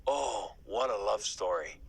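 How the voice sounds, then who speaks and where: A man giving an emotional faith testimony as an interview guest, fervent, with his voice climbing high at its peaks and dropping to a whisper at times. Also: expressive, measured pace, low-quality recording. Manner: drops to a breathy whisper at times.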